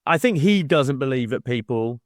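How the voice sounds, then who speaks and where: Co-hosting a laid-back podcast about a book, this man has a mid-range voice with lively intonation and a moderate pace. He cusses without restraint, breaks into laughter mid-sentence, and does impressions of whoever he's quoting; the studio audio is clean and echo-free.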